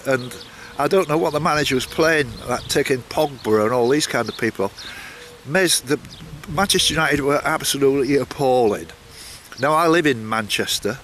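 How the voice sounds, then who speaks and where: An older man rambles cheerfully to camera, his talk full of asides and restarts. His voice sits at an ordinary middle pitch for a man. A faint hum of outdoor noise sits behind him. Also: fairly bright tone. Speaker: walking vlogger. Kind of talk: casual vlog chat.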